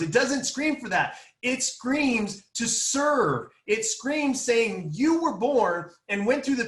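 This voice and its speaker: A man's voice: sits high, fairly bright tone, reverberant. A man hosting a podcast, adding emphatic, preachy motivational commentary with repetitive build-ups. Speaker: podcast host.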